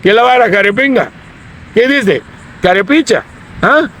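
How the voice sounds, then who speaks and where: A man voicing a rough, loud-mouthed male street tough who fires off slang and challenges. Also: high-pitched, expressive, slight background noise, pitched above the performer's own voice. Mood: aggressive. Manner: shouting slang, quick challenges.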